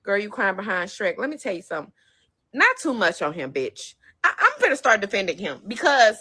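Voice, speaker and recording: A woman's voice: mid-range voice, very animated, brisk, bright, forceful tone, slightly rough. A woman talking on her livestream, tearful, rambling and defensive. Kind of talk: emotional live stream talk.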